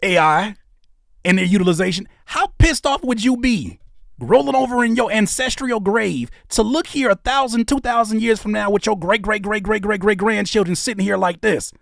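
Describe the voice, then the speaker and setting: A man hosting a casual live stream, talking in an animated way that swings between loud outbursts and low muttering. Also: creaky, no room sound, clean studio sound. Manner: animated, quick shifts between shouting and muttering. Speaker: host of a live stream channel.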